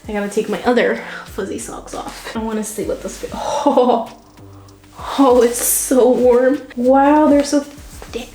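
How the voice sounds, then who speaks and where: A young woman chatting casually while unboxing, excitable and gushing, laughing often. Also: a little high, unhurried, echoey room, faint music behind. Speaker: vlogger unboxing a subscription box. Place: home room, seated on a chair.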